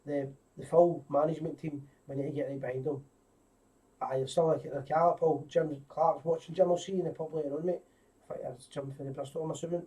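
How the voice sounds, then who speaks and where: Scottish guy running a live fan stream, bit high voiced, rambly and chatty, mic a wee bit far off. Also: steady tone, fairly quick, warm tone. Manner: chatty, greets viewers by name, rambling with restarts. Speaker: host of a live fan show. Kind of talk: casual live-stream chat.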